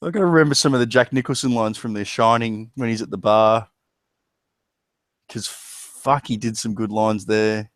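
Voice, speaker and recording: A man's voice: on the low side, normal speed, no echo. A man with an Australian accent, chatting casually and rambling, with crude jokes. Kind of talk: casual chat.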